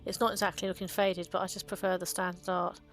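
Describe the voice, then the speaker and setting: A woman's voice: lowish voice, level tone, quick pace, faint music behind. Chatty woman musing over card art. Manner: chatty and fond, with frequent ums and small laughs. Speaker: card game video host. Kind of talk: casual commentary on card art.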